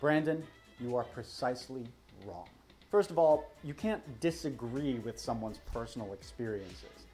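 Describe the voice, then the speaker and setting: A man's voice: mid-range voice, lively intonation, normal speed, a little mellow, faint music behind. A man giving scripted video commentary in a wry, self-critical and emphatic way. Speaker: history video creator.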